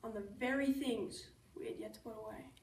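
A woman reciting a first-person poem as a student, reading deliberately with pauses. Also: on the high side, fairly even intonation. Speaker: student reader. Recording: echoey room, voice from far off.

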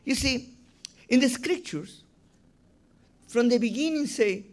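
A man preaches as a rabbi, slow and unhurried, his voice sitting high for a man and sounding expressive. He presses each point hard, circling back to the same words as his argument grows, with non-native phrasing throughout.

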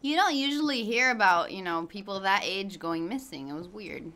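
A woman's voice: mid-range voice, expressive, normal speed, bright, forceful tone. A woman streaming a game in casual chat, greeting viewers by name and laughing often. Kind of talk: casual livestream chat while gaming.

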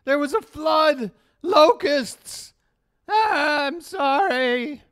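A man putting on a frantic adult man pleading a string of excuses in a loud, breathless rush. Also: very high-pitched, animated, drawn-out words, no room sound, clean studio sound, voice pushed up, full character voice.

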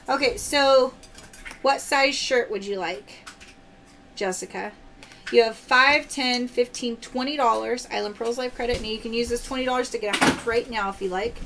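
Cheery high-voiced woman selling pearls live. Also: normal speed, very noisy. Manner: upbeat, cheery, calls out prizes. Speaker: live-stream pearl seller. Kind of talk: live-stream selling chat.

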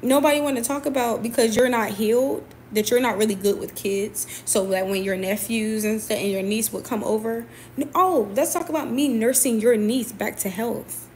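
Confrontational young woman, higher-pitched voice. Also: moderate pace, a little mellow, a little hiss or hum. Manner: confrontational, emphatic, repeats phrases. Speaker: boxer speaking to camera. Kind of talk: personal venting monologue.

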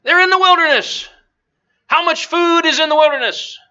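A man's voice: extremely high pitch, normal speed, pushed and bright. A male preacher giving a chatty Bible lesson, asking the audience questions and chuckling. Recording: dull lo-fi recording.

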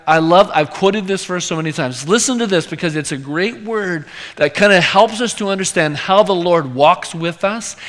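A man preaching an expository sermon as pastor, fervent, repeating words and dropping to a hushed whisper at times. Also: a little high, long reverb tail. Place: church sanctuary.

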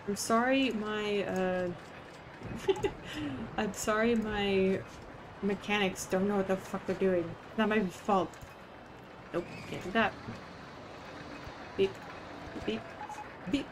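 A woman's voice: mid-range voice, noisy background. A young woman on a casual gaming livestream, rambling, giggling and swearing now and then as she chats with viewers. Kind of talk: casual gaming stream chat.

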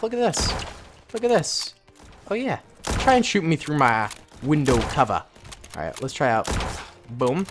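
A man giving jokey, excitable gameplay commentary, bursting into yelps and shouts. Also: mid-range voice, noisy background. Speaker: gaming YouTuber.

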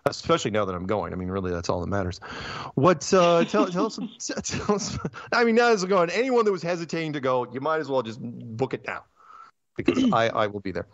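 Man, podcast host, animated rants, dry close sound, dull lo-fi audio. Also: medium pitch, no echo. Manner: animated, ranting, quick asides and restarts. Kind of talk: casual chat.

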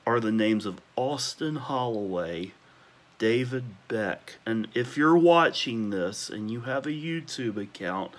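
A young man at home at night, ranting emotionally about people he misses and repeating warm praise, sometimes talking quietly. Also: medium pitch. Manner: emotional, repetitive, listing names with gushing praise; talking quietly at times because parents are asleep. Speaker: vlogger. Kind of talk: nostalgic rant to camera.

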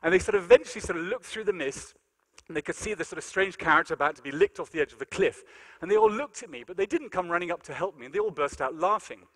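A man speaks at a brisk clip in a fairly high, bright voice. He tells a comic story to a lecture audience and acts out his own quoted lines with energy. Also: expressive. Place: large lecture hall.

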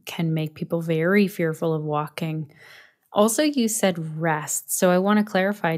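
Woman, deep voice, enthusiastic, conversational podcast host. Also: darkish tone. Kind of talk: conversational interviewing.

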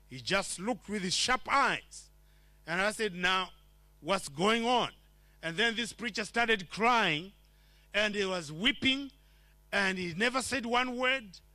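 Male preacher from Zimbabwe, high and bright, dry close sound, storytelling testimony. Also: dry recording. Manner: storytelling, acts out quoted lines. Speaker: preacher sharing his testimony. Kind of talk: testimony sermon. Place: church.

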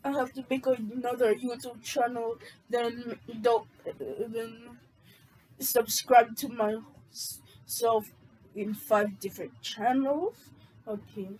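A woman reading a comedy script aloud, halting and stumbling as she corrects herself. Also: a little high, steady tone, a little mellow, slight background noise, poor audio. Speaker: comedy video maker.

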